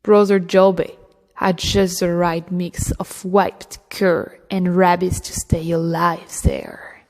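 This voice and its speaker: A woman narrates an audiobook in a slow, deliberate way, her voice sitting a little low. A long reverb from the room trails after each phrase. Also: lively intonation, darkish tone. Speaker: audiobook reader.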